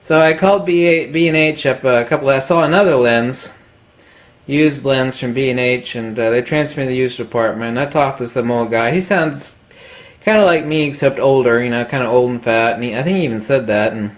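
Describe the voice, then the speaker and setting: A man's voice: mid-range voice, brisk. A man telling a story in a casual, rambling rant, exasperated and full of fillers as he talks to his viewers. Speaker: photography vlogger.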